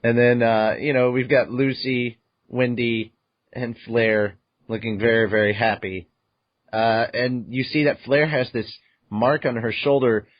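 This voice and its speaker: An animated man hosting a fan podcast recaps a manga chapter at a middle pitch. He acts out his own reactions and swears freely. The sound is dry and a little dull, like a lo-fi home recording. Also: unhurried, dry recording. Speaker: podcast host. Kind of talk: casual manga recap chat.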